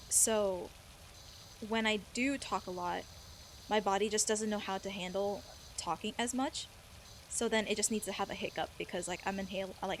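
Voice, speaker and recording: A woman's voice: mid-range voice, a little hiss or hum. A woman chatting casually with her stream while she plays a game. She rambles, giggles often and fills her talk with "like" and "you know," speaking into a desk microphone at home. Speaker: live streamer playing a cleaning game.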